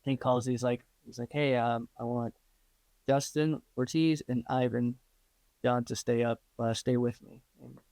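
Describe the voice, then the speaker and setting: A man chatting as an interview guest, his voice sitting at an ordinary middle pitch. He talks loosely with plenty of fillers and slips into little voices when he quotes people. The sound is close and dry, with almost no room echo. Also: a little slow, vocal fry. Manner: animated, laughing, acts out quoted voices; many fillers like um and like. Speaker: interview guest, stunt performer and actor. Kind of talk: casual storytelling.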